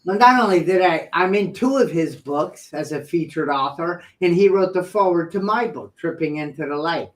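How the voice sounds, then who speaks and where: Animated man telling a story. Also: fairly high pitch, moderate pace, hardly any pauses, poor audio. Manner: animated, playful storyteller who acts out quotes. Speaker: podcast co-host. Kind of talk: casual storytelling chat.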